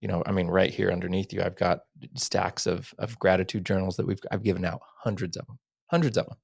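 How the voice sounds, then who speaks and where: A man hosting a podcast, earnest and rambling, often dropping to a soft near-whisper. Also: low voice, level tone, brisk, creaky, husky, no room sound, studio quality. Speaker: podcast host. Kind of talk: casual interview chat.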